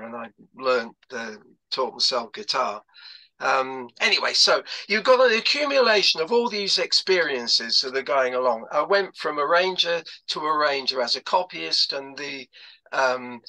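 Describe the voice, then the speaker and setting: A man's voice: medium pitch, pushed and bright, poor audio. An older man telling stories about his past career on a video call, rambling with lots of fillers and restarts. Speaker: guest speaker. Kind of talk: anecdotal talk on a video call.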